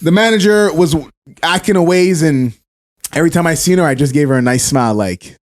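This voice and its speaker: A man co-hosting a podcast in loose, casual chat. His voice sits a little high for a man, and he tells stories with lots of slang and frequent laughter. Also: brisk. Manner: animated storyteller, laughs often, slangy. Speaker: podcast co-host.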